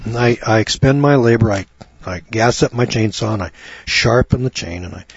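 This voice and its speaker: A man's voice: medium pitch, darkish tone, breathy edge, no echo. A man giving a chatty, folksy Bible teaching program from his home studio, talking to listeners by name. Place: home studio on a rural property. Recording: dull lo-fi dry recording.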